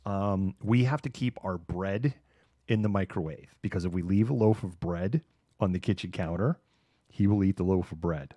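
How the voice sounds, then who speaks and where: Low-voiced man hosting a casual livestream. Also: normal speed, dark tone, no echo, clean studio sound. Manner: rambling, laughs often, acts out voices in anecdotes. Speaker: live show host.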